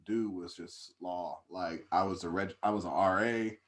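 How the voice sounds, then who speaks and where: A young man, a podcast co-host, telling a long story in a relaxed, casual way. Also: sits low, a little slow. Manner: laid-back, laughs when riled up.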